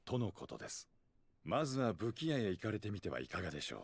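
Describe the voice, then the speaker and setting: A courteous innkeeper. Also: male voice, lowish voice, big pitch swings, racing, slightly rough, no room sound, exaggerated voice. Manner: formal, deferential hospitality speech. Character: courteous male innkeeper, polite and helpful. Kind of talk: Japanese game dub acting.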